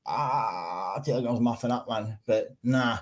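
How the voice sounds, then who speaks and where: A Scottish man chatting on his livestream in an animated, sweary way. He laughs often and curses freely as he talks, with a voice of middling pitch. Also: moderate pace, slight background noise. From Scotland. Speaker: livestream host. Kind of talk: casual livestream chat.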